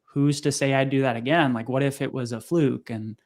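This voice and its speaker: A young man, a podcast guest, telling a personal story in casual conversation, acting out what people said in a raised voice. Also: fairly quick. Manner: animated, acts out quotes in high voices. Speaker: podcast guest, sales coach.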